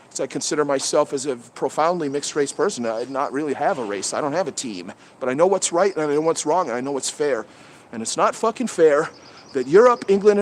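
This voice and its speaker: A man with a notably high speaking voice vents in a rambling, swearing livestream rant. He is recorded outdoors among trees on a head-mounted camera. A faint background hum sits under his voice. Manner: profane, heated, rambling. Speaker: livestream host.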